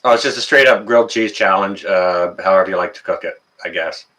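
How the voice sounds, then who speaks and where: On his laid-back livestream, a Canadian host welcomes people in the chat by name, talking briskly with lots of fillers. His voice sits low and has a sharp tone.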